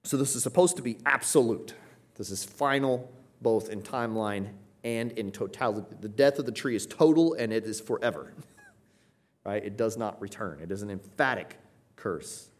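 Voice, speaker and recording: A man with a lowish voice teaches a Bible passage, earnest and emphatic. He slows down to explain the Greek wording and often checks in with "right?".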